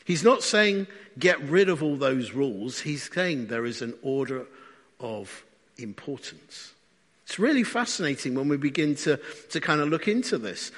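A man's voice: a little high, animated, moderate pace, fairly bright tone. A man preaching a sermon in a conversational way, often asking the congregation questions. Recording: long hall reverb.

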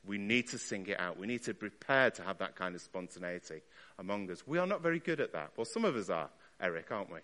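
A man's voice: fairly low pitch, animated, quick pace, bright, forceful tone, big-room sound. A man preaching a sermon in a church, talking conversationally and asking his listeners rhetorical questions.

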